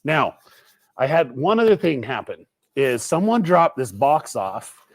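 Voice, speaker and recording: A man hosting a livestream, telling a story with lively quoted dialogue. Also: mid-range voice, unhurried. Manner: animated storyteller, quoting others. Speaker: livestream host. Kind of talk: excited livestream chat.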